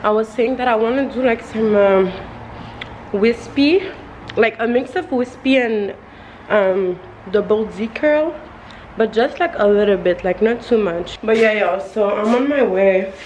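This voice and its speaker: A woman's voice: a little high, a little slow, darkish tone, slight background noise, low-quality recording. A young woman chatting casually in her beauty vlog, rambling and often calling out to her viewers. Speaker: beauty vlogger.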